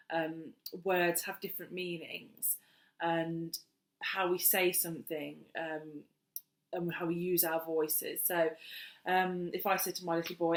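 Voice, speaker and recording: A woman's voice: lowish voice, fairly bright tone. A woman, casually explaining play and speech tips to parents with plenty of fillers. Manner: chatty, many "um"s, sing-song when addressing children. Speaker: early years teacher. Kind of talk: casual teaching talk to parents. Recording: echoey room.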